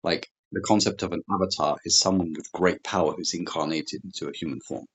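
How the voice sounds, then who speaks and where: A middle-aged man, a relationships coach and interview guest, telling a personal story in an animated way, repeating words and quoting people. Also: sits low, fairly quick, slightly rough.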